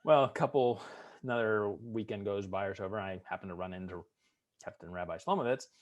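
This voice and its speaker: A man's voice: on the low side, fairly quick, lo-fi sound. A middle-aged man, a veteran, telling humorous stories in an interview and acting out the people in them. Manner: humorous storyteller, acts out drill instructor voices. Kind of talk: storytelling interview.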